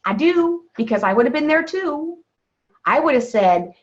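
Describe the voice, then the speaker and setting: A woman's voice: sits high, sing-song, moderate pace. A woman health coach leading a wellness call, coaching her listeners and checking in with "okay?" after almost every point. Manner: coaching tone, keeps asking "okay?". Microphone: video call. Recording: dull lo-fi video call audio.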